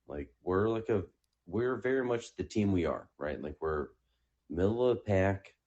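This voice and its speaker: A man's voice: low voice, expressive, moderate pace, darkish tone, muffled recording. A man calling in to a podcast, rambling casually with many fillers. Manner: rambling, full of "like" and "you know". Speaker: caller. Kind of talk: casual call-in chat.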